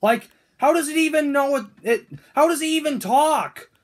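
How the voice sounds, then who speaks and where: A man's voice: very high voice, normal speed. A man voicing Toad as a grumpy, whiny male figure in a fan-made cartoon, ranting with indignant questions.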